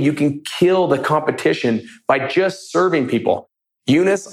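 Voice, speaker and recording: A man teaches real estate wholesaling by telling stories from his calls, keeping things upbeat and casual. His voice is medium-pitched, and the recording has a roomy sound.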